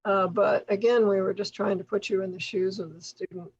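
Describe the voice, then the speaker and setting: A woman leading a tutor training workshop, explaining things patiently with occasional soft laughs. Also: mid-range voice, steady tone, fairly quick, breathy edge, lo-fi sound. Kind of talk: workshop instruction.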